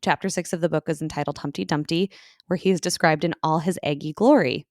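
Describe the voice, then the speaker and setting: A woman with a low voice co-hosts a relaxed podcast, rambling through her points with fillers and giggles. Her voice sounds dry and close, with no room around it. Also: fast talker, dry recording. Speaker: podcast co-host. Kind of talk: casual chat.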